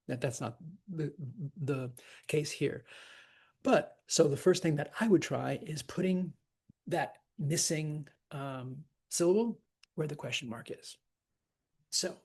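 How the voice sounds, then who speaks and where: A woman's voice: low-pitched, dark tone, breathy edge. A woman teaching verse scansion in a casual lecture, chatty, with frequent fillers and laughter.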